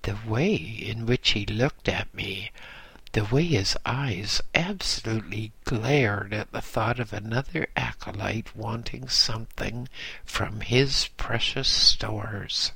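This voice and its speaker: A man narrates a memoir in a slow, measured way, with a low, gravelly voice. There is a husky edge to his tone, but it stays bright and clear-cut. The recording is dry and close. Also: no echo.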